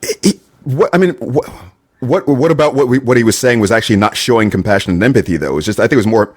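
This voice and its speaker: A man's voice: medium pitch, animated, fast talker, darkish tone, husky. A man co-hosting a casual podcast discussion, reasoning through a point hesitantly with many restarts. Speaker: podcast co-host.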